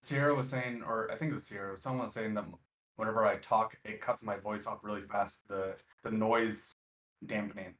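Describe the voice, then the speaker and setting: A man's voice: on the low side, fairly even intonation, moderate pace, fairly bright tone. A man joining a stream by voice chat, speaking casually and joking around. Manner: joking, offhand. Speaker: voice-chat guest. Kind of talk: casual chat over voice call. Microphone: voice chat over the internet. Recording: echoey, dull voice-chat audio.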